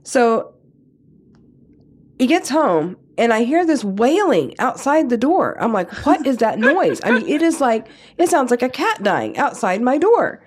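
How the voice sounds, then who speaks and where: A middle-aged woman co-hosting a podcast, telling a story in a casual chat, swearing freely and acting out the quotes in a higher voice. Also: a little slow. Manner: animated storyteller, acts out quotes with a raised pitch, swears freely. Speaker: podcast co-host.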